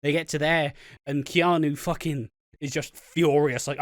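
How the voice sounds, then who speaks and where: A British man co-hosting a podcast, recapping a soap episode in casual, excitable chat, swearing a lot and acting out the characters' lines. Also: on the high side, a little slow, no echo. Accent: British English. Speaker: podcast co-host.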